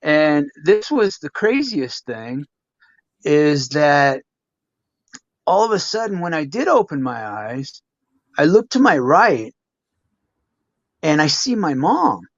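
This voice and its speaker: A man's voice: a little high, very animated, slow pace, long pauses, no echo, lo-fi sound. A man, a former wrestler, telling stories in a casual interview with a rambling manner and lots of "you know.". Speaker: guest, former pro wrestler. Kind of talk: casual storytelling in a podcast interview.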